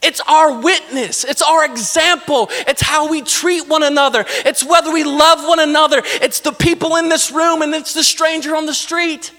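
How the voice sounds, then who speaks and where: Guy pastor preaching, chatty asides, bright voice, big echoey church. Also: extremely high pitch, fairly even intonation, moderate pace, hardly any pauses. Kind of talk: sermon. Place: church sanctuary. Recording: long hall reverb.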